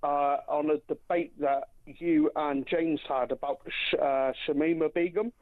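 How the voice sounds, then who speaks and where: A man's voice: on the high side, steady tone, measured pace, no room sound. A man phoning in to a talk show, telling a story with some hesitation. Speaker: caller. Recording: phone line.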